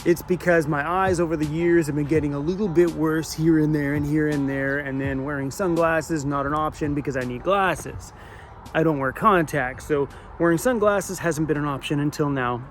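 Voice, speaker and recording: A van life vlogger talks casually outdoors in a park by a parking lot, upbeat and chatty, often laughing as he opens packages. His voice is a little high, his pace moderate, with faint music behind him.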